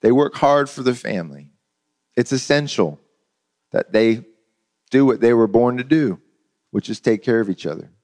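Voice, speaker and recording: A man's voice: mid-range voice, normal speed, long pauses. Conversational male preacher telling stories. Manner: conversational, repeats words, animated storyteller. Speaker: pastor. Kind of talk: sermon with storytelling.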